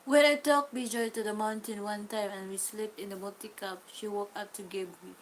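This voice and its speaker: A woman's voice: mid-range voice, fairly even intonation, a little fast, rough recording. Filipino-accented woman reading out livestream comments. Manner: short remarks, reads viewer comments aloud. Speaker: co-host of a livestream. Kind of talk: casual livestream chat. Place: home in the Philippines.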